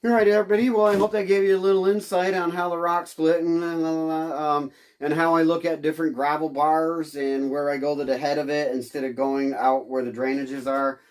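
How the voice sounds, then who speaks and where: A man's voice: a little high, little pitch movement, brisk, hardly any pauses, dry recording. Rambling, easygoing male prospecting host. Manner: rambling and loose, with many fillers and restarts. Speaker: host of a gold prospecting channel. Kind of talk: casual outdoor vlog narration.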